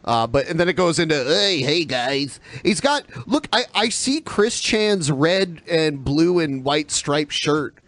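A man's voice: fairly high pitch, expressive, a little slow, hardly any pauses, fairly bright tone, dry recording. A man co-hosting a comedy podcast, rambling and laughing as he reacts to clips. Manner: giggly, rambling, self-correcting. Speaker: podcast co-host. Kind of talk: casual comedic banter.

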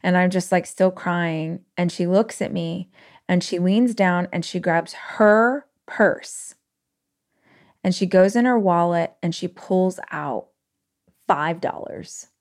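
A woman podcast host telling a personal story in an emotional, animated way with quick bursts. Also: on the low side.

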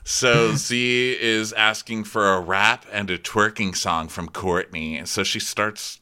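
A man co-hosting a casual comedy podcast, campy and quick to joke and laugh as he recaps a show. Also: lowish voice, fairly even intonation, sharp tone, smooth. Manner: campy, joking, laughs often. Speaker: podcast co-host.

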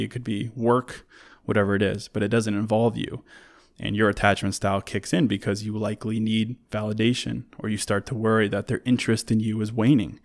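A man with a low, gravelly voice hosts a solo talk on relationships. He speaks in a conversational, earnest way and walks through his points one by one, often restarting a word as he goes. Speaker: relationship advice host.

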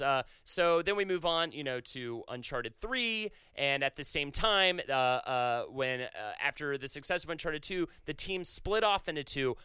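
Male podcast co-host, bright and clean, eager rambling delivery, dry sound. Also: fairly high pitch, clear, resonant tone, no echo. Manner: enthusiastic, rambling, many restarts. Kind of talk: casual chat.

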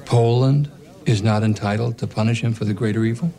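An actor playing an earnest troubled prosecutor. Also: male voice, on the low side, steady tone, a little fast, dark tone, lightly acted. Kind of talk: TV drama acting.

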